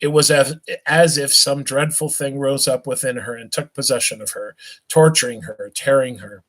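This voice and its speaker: A man reading a novel aloud on a live stream, at an unhurried pace, stumbling and restarting now and then and stopping for small asides to his listeners. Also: mid-range voice, steady tone, a bit bright, poor audio. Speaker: reader.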